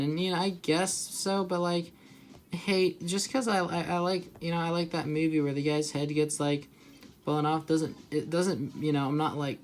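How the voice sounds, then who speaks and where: A man's voice: a little high, fairly even intonation, moderate pace, a little hiss or hum. A young man rambling casually as he draws, with many filler words and restarts. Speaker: artist vlogger. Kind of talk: casual rambling while drawing.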